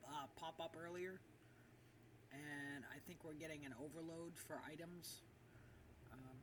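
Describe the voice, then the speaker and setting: A low-sitting female voice with fairly even intonation and a measured pace meanders through casual livestream talk while she plays, peppered with fillers. The mic is far away, so the room's echo and some background noise come through.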